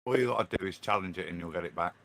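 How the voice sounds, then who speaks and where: A man's voice: low voice, racing, creaky, fairly bright tone. A man on a panel in casual chat, speaking bluntly and with confidence.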